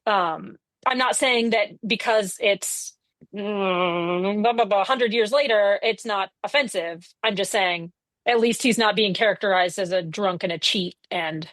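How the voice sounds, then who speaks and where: A woman's voice: mid-range voice, unhurried, dry recording. A woman co-hosting a casual comedy podcast, recapping a TV episode and acting out the characters' lines. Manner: animated, swears freely, acts out characters' lines. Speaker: podcast co-host.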